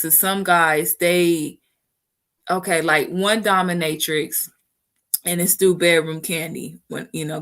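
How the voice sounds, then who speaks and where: Candid, bright-toned woman chatting. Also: lowish voice. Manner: frank and chatty, often says "you know what I'm saying". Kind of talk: candid casual chat.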